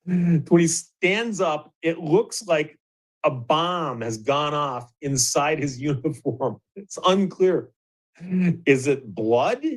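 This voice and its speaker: A middle-aged man from Michigan with a slightly high voice, hosting and telling a long story. He talks casually and animatedly, chuckles often, and restarts his sentences as the story builds. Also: expressive, takes it slowly, low-quality recording. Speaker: host.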